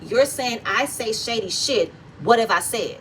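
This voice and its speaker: A woman's voice: on the high side, lively intonation, a little slow, far from the mic, slight background noise, rough recording. A woman hosting a reality TV recap vlog, giving blunt, heated and profanity-laced commentary.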